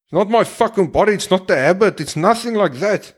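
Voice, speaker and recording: A man's voice: sits high, lively intonation, brisk, slightly rough. A man with a slightly raised voice talks straight at his listeners in an impassioned monologue. He is blunt and preachy, and he swears constantly. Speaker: podcast host.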